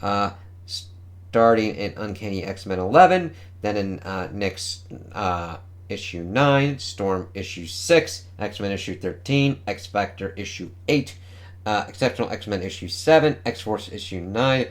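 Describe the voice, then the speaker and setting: An excitable man chatting through a comic issue, his pitch bouncing all over. He swears freely and gets carried away by the pages. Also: takes it slowly. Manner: enthusiastic, swears often, reads panel dialogue aloud. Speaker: comic book reviewer. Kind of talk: casual comic review.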